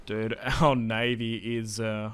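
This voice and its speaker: A young man giving casual, chatty commentary while playing a strategy game, getting excited and laughing often. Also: on the low side, slow pace, smooth, soft background music. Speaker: gaming YouTuber.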